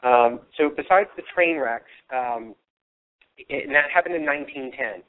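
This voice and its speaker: A man hosting a live paranormal radio investigation, telling history in a rambling, filler-filled way. His voice is a little worn and comes through a thin, tinny phone-like line. His pitch sits in an ordinary middle range. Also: moderate pace. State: losing his voice. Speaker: paranormal radio show host.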